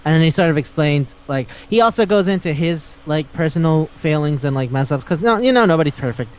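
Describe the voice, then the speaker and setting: A man's voice: a little high, animated, brisk, clear, resonant tone, highs cut off. A man hosting a casual podcast chat, rambling and swearing as he retells scenes and acts out the dialogue. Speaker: podcast host.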